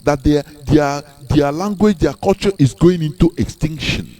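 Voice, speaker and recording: A man's voice: fairly high pitch, moderate pace, warm tone, soft background music. A man giving an impassioned speech, emphatic, repeating words and asking rhetorical questions. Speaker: speaker on a live broadcast.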